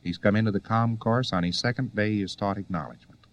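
A man's voice: on the low side, fast talker, muffled recording, slight background noise. A man giving a conversational lecture to students, full of rhetorical questions and wry asides.

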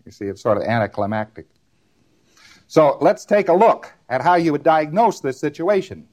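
A man's voice: fairly high pitch, animated, normal speed, darkish tone. A man giving a recorded lecture, rambling and repeating words in rhythmic runs, often ending on a tag question.

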